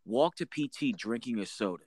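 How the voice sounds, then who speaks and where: A man's voice: mid-range voice, animated, fairly quick, a little mellow, no room sound. A man in a casual chat, reminiscing about military service and prompting his friend for stories. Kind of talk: casual conversation.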